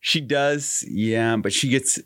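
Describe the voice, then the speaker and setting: A man's voice: medium pitch, slow pace, fairly bright tone, no echo, studio quality. A man co-hosting a podcast who chimes in agreeably and thoughtfully during casual chat. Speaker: podcast co-host.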